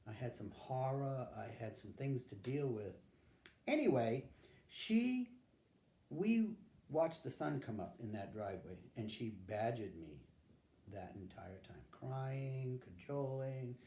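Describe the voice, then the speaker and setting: A man's voice: medium pitch, dark tone, reverberant. An older man, being interviewed about his life and telling it candidly, acting out what people said. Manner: candid storytelling, acts out quotes. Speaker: interviewee, veteran. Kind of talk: recounting his life story.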